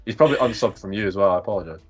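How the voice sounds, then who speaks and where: A man's voice: fairly low pitch, expressive, rapid-fire, soft background music. A Scottish man in his twenties co-hosting a livestream, trading playful, joking banter. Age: 20s. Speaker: co-host. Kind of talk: casual livestream chat.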